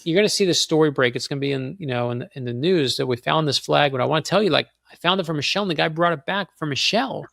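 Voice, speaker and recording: A man, a guest on a show, telling a long personal story in a fast, animated way and acting out the other people in it. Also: a little high, vocal fry, no echo, studio quality. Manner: excited, fast anecdote with quoted voices. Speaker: guest author.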